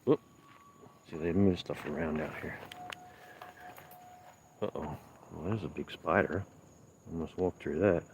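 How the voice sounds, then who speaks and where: A man hosting a casual livestream outdoors at night, chatting easygoingly as he answers viewers while walking on gravel. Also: measured pace, pauses often, noisy background. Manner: easygoing, rambling, low-key. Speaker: livestream host. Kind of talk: casual live-stream chat, reading viewer comments.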